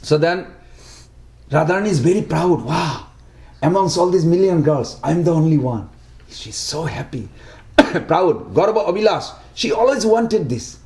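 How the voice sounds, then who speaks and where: A man with a fairly high voice gives a devotional talk in simple, broken English. He keeps putting rhetorical questions to his listeners, and his voice rings in an echoey room. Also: a little mellow. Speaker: devotional speaker. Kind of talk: devotional talk to a small group.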